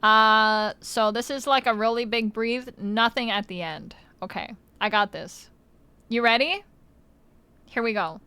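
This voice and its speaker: A woman's voice: fairly high pitch, unhurried, sharp tone, clean tone, no room sound. A woman streamer in casual livestream chat, playful, swearing freely and laughing often, on a close mic.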